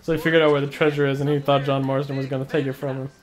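A man's voice: medium pitch, level tone, racing. A man giving casual, jokey commentary while playing a western video game. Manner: playful, jokey, puts on silly voices. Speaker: let's play co-host.

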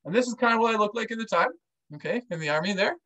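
A man's voice: sits high, expressive, racing, sharp tone, rough recording. A man, an army veteran, casually telling a personal story to camera and acting out the dialogue with animation.

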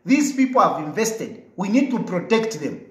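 A man's voice: sits high, big pitch swings, normal speed, a bit bright, roomy sound, low-quality recording. A man with a Zambian English accent, replying to viewer comments in an emphatic, combative way that keeps repeating his points.

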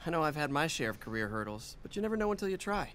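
An actor playing an earnest, kind young male hero who speaks gently and sincerely in a game. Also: fairly high pitch, very animated, rapid-fire, a little hiss or hum.

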